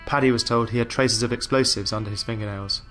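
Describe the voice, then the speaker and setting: Brisk male documentary narrator. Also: medium pitch, steady tone, a bit bright. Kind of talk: scripted narration. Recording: narration over guitar music.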